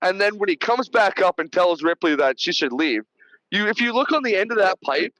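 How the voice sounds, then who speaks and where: A man's voice: sits high, animated, brisk, a bit bright, dry recording, rough recording. A man hosting a podcast, retelling film scenes in a rambling, profane, casual way over a remote call. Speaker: podcast host. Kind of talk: casual movie review chat.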